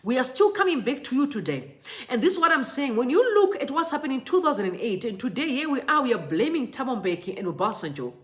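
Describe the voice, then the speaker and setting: A woman's voice: high voice, sing-song, fast talker. A woman from Zimbabwe, hosting impassioned political commentary and speaking directly to her viewers with emphatic repetition.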